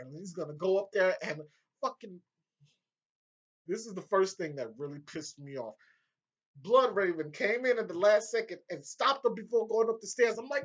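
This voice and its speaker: A man recapping a TV episode in a casual, excitable way, swearing often and breaking into laughter. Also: high-pitched, moderate pace. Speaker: video reviewer. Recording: dull lo-fi home audio.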